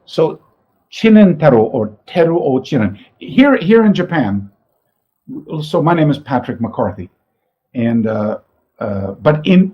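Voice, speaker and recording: A man speaks in a middle-pitched voice, thoughtful and rambling as he explains ideas and often restarts his sentences. The recording sounds slightly dull and lo-fi. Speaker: martial arts teacher. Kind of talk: reflective talk to camera. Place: his own training space, indoors.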